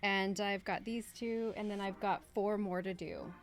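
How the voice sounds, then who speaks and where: A woman's voice: mid-range voice, steady tone, unhurried, soft background music. A woman hosting a livestream, chatting casually and easily amused while crafting and reading viewer comments. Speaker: livestream host doing crafts.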